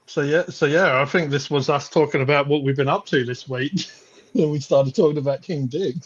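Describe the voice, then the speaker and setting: A man's voice: fairly high pitch, fairly quick, highs cut off. A man co-hosting a podcast, joking and bantering in casual chat. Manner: joking, laughing, bawdy banter. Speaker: podcast co-host.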